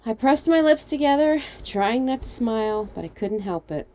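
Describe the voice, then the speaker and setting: Soft-spoken woman reading fan fiction. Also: fairly high pitch, animated, normal speed, lo-fi sound, a little hiss or hum. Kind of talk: first-person story reading.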